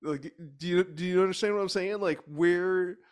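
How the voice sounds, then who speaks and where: A man's voice: high-pitched, normal speed, clear, resonant tone. A man co-hosting a podcast in a casual chat, bemused and rambling, with many fillers and laughs. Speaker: podcast co-host.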